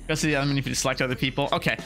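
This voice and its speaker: A gaming video creator doing let's play commentary, excitable, laughing a lot and yelling and swearing at the game. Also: mid-range voice, very fast. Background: game music.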